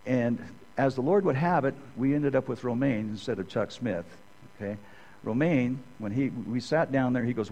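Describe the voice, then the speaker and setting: A man's voice: lowish voice, brisk, a little mellow, a little hiss or hum, rough recording. A middle-aged man preaching a sermon in a conversational way, often checking in with the listeners by asking "okay?".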